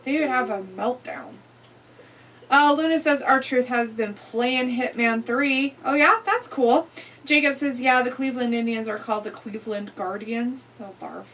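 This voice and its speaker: A high-pitched woman chats casually on a live stream and reads viewer comments aloud, with frequent giggles. She sits some way back from the microphone, so her voice sounds distant. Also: moderate pace, fairly bright tone. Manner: giggly, laughs often between comments. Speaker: live-stream co-host reading chat.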